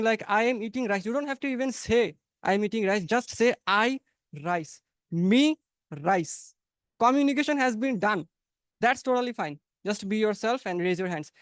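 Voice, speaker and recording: A man's voice: very high-pitched, dry recording, clean studio sound. A young man from Bangladesh with a Bangladeshi accent, hosting an online English practice class in a chatty, encouraging way over a video call. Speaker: English conversation practice host. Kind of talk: casual online class talk. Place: home, online webinar.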